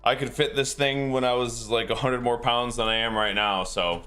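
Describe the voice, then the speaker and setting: A man's voice: medium pitch, steady tone, normal speed, bright, forceful tone, faint music behind. A game streamer, a man, chatting casually with his live viewers in a rambling, easygoing way and chuckling often.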